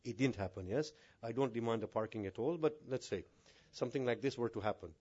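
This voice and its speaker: A man preaching a sermon to a mosque congregation, asking rhetorical questions and swinging between hushed and raised delivery. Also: medium pitch, fast talker, slightly rough, muffled recording. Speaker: maulana.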